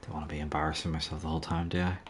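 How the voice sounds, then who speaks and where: Low-voiced rambling male streamer. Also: little pitch movement, rapid-fire, a little hiss or hum. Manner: rambling, self-deprecating. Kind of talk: casual gaming stream commentary.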